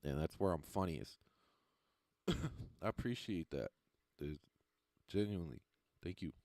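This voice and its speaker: Low-voiced man rambling on a livestream. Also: expressive, measured pace, darkish tone, no echo. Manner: rambling, loose and profane, laughing at his own lines. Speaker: stand-up comedian and livestreamer. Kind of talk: casual livestream chat with viewers.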